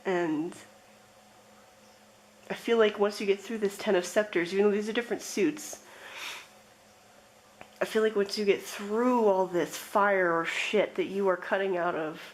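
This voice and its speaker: Slow, emotional woman reading tarot. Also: medium pitch, rough recording. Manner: slow, emotional, reflective, with laughs. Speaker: tarot reader. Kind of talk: pick-a-card tarot reading.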